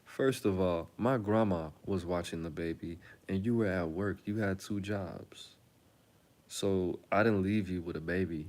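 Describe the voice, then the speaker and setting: A young man telling his own story in a casual, animated, slangy way, with dramatic turns. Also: sits low. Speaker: storytelling video host.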